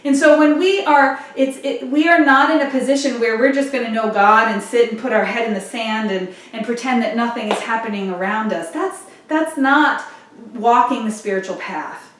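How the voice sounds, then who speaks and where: A woman's voice: on the high side, a little hiss or hum. Woman minister preaching in an echoey room. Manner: earnest, measured preaching with rhetorical questions. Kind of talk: sermon. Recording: very echoey, from a distant mic.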